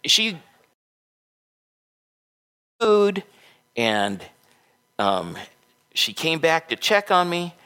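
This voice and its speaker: A man's voice: on the high side, big pitch swings, drawn-out words, long pauses, pushed and bright, clear, resonant tone. A middle-aged man preaching a sermon as a pastor, with folksy, conversational storytelling.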